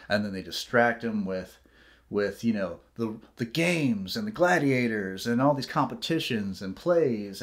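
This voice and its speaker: Ranting male vlogger. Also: mid-range voice. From United States. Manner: heated, profane ranting with tangents and mocking quoted voices. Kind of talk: ranting solo vlog.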